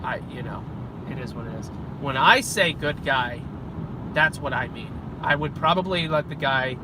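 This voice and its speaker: A man's voice: medium pitch, normal speed. A young man vlogging in a vehicle, musing aloud in a digressive, self-interrupting way. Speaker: Christian vlogger. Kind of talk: rambling casual monologue. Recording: loud road noise. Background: loud vehicle and road noise.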